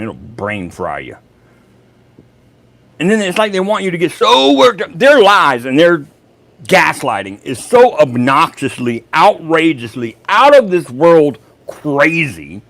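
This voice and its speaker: Guy, middle-aged, salty live chat host, talks slow, cusses a lot, laughs loud at his own jokes. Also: mid-range voice. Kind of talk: casual livestream chat reading comments.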